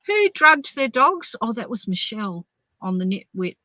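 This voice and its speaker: A woman's voice: on the high side, normal speed, no echo, low-quality recording. A woman, rambling through stories as a podcast host. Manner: rambling, animated storyteller. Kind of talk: casual chat.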